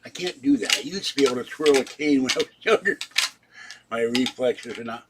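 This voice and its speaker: Speaking a little fast with lively intonation, a man in his seventies at medium pitch runs a casual live stream over some background noise. As channel host he talks right to his viewers, chatty and rambling from subject to subject.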